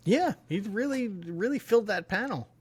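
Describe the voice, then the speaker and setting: A co-host chiming in with short, quick remarks about old comics. The voice moves lively up and down and has a soft husky edge. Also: medium pitch. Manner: chiming in, quick agreeing asides. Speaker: podcast co-host. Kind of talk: casual comics discussion.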